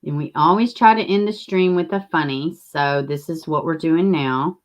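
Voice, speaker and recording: Woman, livestream host, low-pitched, rambling and chatty, swears freely. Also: moderate pace. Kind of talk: casual livestream chat.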